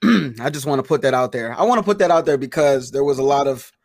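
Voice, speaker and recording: A man co-hosts a podcast, telling stories in a casual, swearing, animated manner. His voice sits in a middling register. The sound is close and dry, with no room echo. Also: medium pitch, quick pace. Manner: profane, animated storytelling. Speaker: podcast co-host. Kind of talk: casual chat.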